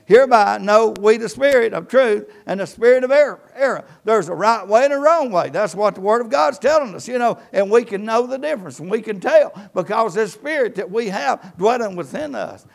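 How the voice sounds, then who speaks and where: A man's voice: sits high, expressive, fairly quick, vocal fry, few pauses. A man preaching a church sermon as pastor, quoting scripture with rising and falling emphasis.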